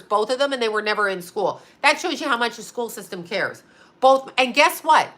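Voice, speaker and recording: A middle-aged woman hosts a stream in a fired-up, profane monologue. She speaks with a slight lisp in a bright, forceful voice pitched a little high, and hammers her points by saying them again and again. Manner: blunt, profane, repeats herself for emphasis. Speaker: host. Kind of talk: ranting livestream monologue.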